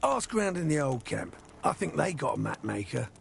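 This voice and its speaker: An actor playing a sly, cocky male convict hunter in a video game, with a gravelly voice and rough slang. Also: mid-range voice, very animated, a little fast, a little hiss or hum. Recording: game music behind.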